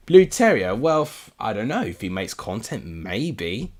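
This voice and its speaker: A young adult Englishman with a lowish voice swings widely in pitch, keeping a measured pace with few pauses. He hosts a live football watchalong, chatting easily and replying to viewer comments.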